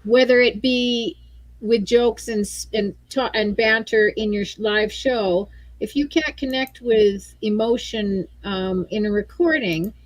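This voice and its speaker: Woman, guest musician, from Canada, chatty, self-correcting, higher voice, dry close sound. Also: fairly even intonation, unhurried, no echo, rough recording. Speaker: featured artist guest. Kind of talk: casual video call chat.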